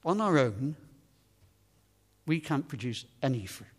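A man's voice: mid-range voice, sing-song, measured pace, husky. A man leading a casual, self-deprecating sermon, often trailing off and picking his thought back up. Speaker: preacher. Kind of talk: informal sermon.

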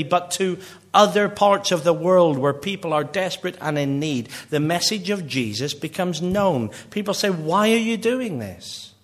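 A middle-aged man from Northern Ireland with a Northern Irish accent, preaching a sermon in an earnest way, slowing for emphasis and dropping quiet at the ends of phrases. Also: fairly high pitch. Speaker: pastor.

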